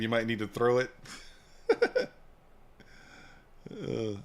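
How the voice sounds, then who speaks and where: A man's voice: medium pitch, wildly swooping pitch, drawn-out words. A man hosting a live trading stream, chatting casually, joking and answering viewers' comments. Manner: laid-back, joking, reads and answers chat. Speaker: livestream trading host.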